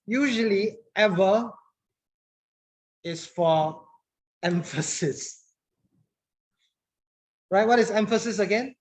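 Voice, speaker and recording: A woman's voice: on the low side, takes it slowly, long pauses, a little mellow. Lady teaching a class, chatty, repeats herself, asks lots of questions. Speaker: English teacher.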